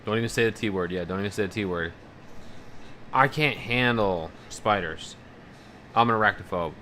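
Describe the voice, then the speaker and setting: Casting note: male streamer, lowish pitch, bright edge, rambling casual chatter with a faint hum behind. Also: moderate pace. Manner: rambling, profane, animated about fears. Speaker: livestreamer. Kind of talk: casual live-stream chat, reading out viewer messages.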